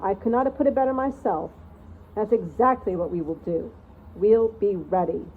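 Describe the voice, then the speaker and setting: A woman voicing a kindly old male mouse abbot who speaks in a measured, approving way. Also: mid-range voice, natural voice. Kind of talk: storybook reading. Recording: tinny phone-like sound, faint hiss.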